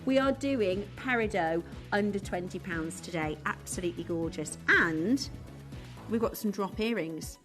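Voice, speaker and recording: A woman's voice: mid-range voice, expressive, measured pace, fairly bright tone, faint music behind. A woman presenting live on a shopping channel, chatty and enthusiastic as she banters with colleagues off camera. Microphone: studio mic.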